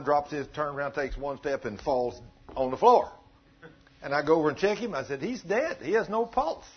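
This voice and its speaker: Man, preacher, folksy humorous sermon, husky voice, dull recording. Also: a little high.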